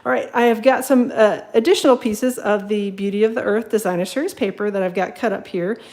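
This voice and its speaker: A woman's voice: mid-range voice, steady tone, a little fast, a little mellow, low-quality recording. Woman hosting a live home craft demo, casual and chatty, lots of ums. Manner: chatty, with many ums, greets viewers while working. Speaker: craft demonstrator. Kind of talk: live card-making tutorial.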